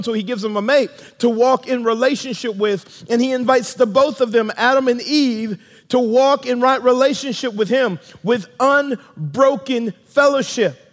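A pastor preaches in a very high voice, swinging between loud emphatic bursts and hushed asides. His sermon rings out with a long reverb from a large church hall.

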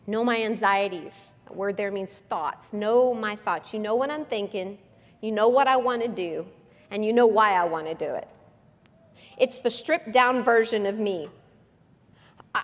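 A woman preaching a sermon with passion, swinging from hushed, quiet passages to loud, lively ones. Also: a little high. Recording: long reverb of a large hall.

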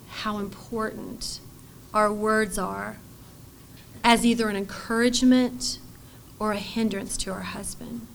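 A middle-aged woman delivers a sermon in a fairly high voice. She speaks earnestly, swinging between firm, ringing declarations and quiet, hushed passages. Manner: earnest, shifts between bold declaration and soft hushed tones. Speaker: pastor's wife speaking to women.

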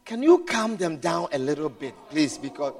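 A man preaching a sermon, swinging from hushed storytelling to shouted exclamations, repeating words and adding hallelujah and amen. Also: fairly high pitch, animated, normal speed. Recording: long hall reverb.

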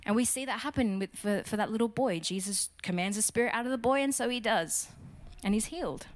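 Woman preacher, fairly high-pitched, emphatic teaching sermon with call-and-response questions. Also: fairly quick.

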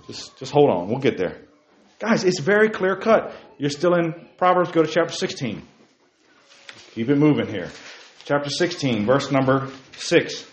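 A man leading a Bible study in a fiery preaching style, emphatic, firing off rhetorical questions and leaping to near-shouts. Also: fairly high pitch, big pitch swings, moderate pace. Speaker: Bible teacher. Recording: roomy, dull lo-fi sound.

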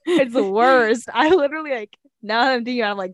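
A woman's voice: on the high side, a little fast, no echo. Young woman chatting on a podcast, lots of likes and ums, dry close sound. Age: young adult. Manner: chatty, fillers, laughs often. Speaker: podcast co-host. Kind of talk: casual chat.

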